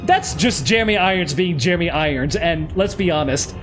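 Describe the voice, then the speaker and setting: Guy streaming a game, excitable, laughs a lot, swears, kinda high voice, music going. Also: brisk. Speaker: let's play host. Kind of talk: casual gameplay chat. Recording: music playing underneath.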